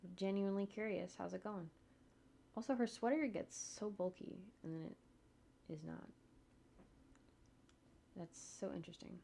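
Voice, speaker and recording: A woman's voice: mid-range voice, normal speed, gravelly, pauses often, warm tone, a little hiss or hum. Woman animator thinking aloud. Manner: thinks aloud, rambling, chatty asides. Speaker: animator streaming her work. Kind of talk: casual livestream talk while working.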